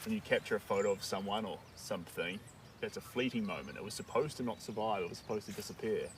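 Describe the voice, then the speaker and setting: Painting on a live stream, a man rambles and jokes as he thinks aloud, talking fast in a low voice. The mic sits some distance away, and outdoor background noise, including birds and a rural backdrop, comes through clearly behind him.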